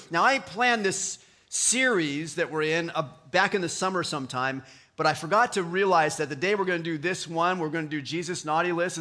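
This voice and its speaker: Male pastor, high bright voice, casual playful sermon delivery. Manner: conversational, playful preaching with voiced quotes and asides.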